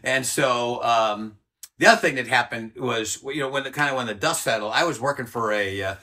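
An older man in his sixties tells a story in a casual interview, blunt and profane. His voice sounds bright and forceful, at an ordinary middle pitch, and he acts out what others said. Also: a little fast. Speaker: interview guest, former Army Ranger.

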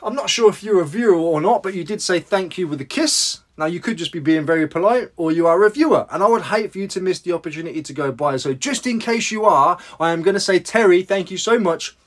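A man talks through his sales in a casual, rambling vlog voice. He pitches a bit higher than most men. He throws in self-deprecating asides as he goes. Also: lively intonation, fast, few pauses. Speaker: reseller vlogger.

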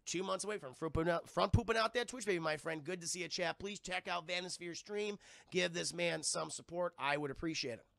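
A man streaming live, recapping a film casually, profane and excitable, and talking to his chat throughout. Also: sits high, a little fast, creaky, no room sound.

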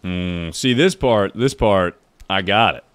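A young man with a deep, low voice talks through a hard climbing game on a live stream. He chats easily with viewers, curses a lot, and now and then yells out in frustration. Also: slow pace. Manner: chatty, swears, breaks into loud frustrated outbursts. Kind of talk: casual live gameplay commentary.

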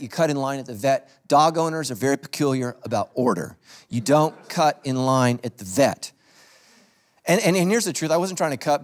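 A man preaching as a pastor to his congregation, telling funny stories in a loose conversational sermon that he speaks straight to the crowd. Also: fairly high pitch. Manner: joking storyteller, talks straight to the congregation. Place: church stage before a congregation.

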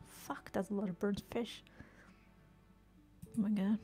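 With soft music in the background, a woman streams a game and chats casually in a warm, mid-range voice with fairly even intonation, unhurried and pausing often. She swears freely, talks to the game characters, and regularly whispers.

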